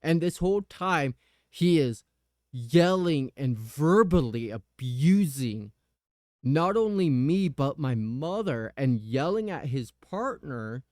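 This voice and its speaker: Guy on a podcast telling a story, kinda high voice, clean and smooth, cusses a bit. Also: slow pace, dry recording, studio quality. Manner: animated retelling, swearing. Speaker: podcast host. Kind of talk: casual storytelling.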